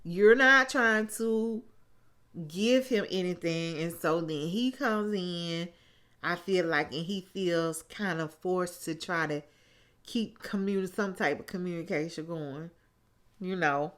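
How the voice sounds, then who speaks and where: A woman's voice: fairly low pitch, slow pace, fairly bright tone. A woman hosting a casual reality-show recap, talking sassily straight to her viewers. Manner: sassy, talks straight to viewers. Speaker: TV recap host.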